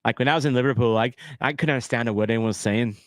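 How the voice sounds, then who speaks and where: A man's voice: medium pitch, racing, no room sound, studio quality. A man in his thirties hosting a casual live watch-along stream, chatty and self-deprecating, rambling between topics.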